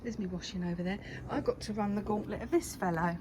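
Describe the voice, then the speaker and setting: A woman's voice: medium pitch, fast talker, noisy background. An older woman gives a casual walk-and-talk garden tour. She is chatty and keeps dropping into a whisper. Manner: chatty, often drops to a whisper, coos at her cat. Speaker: gardening vlogger. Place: outdoors in a home garden.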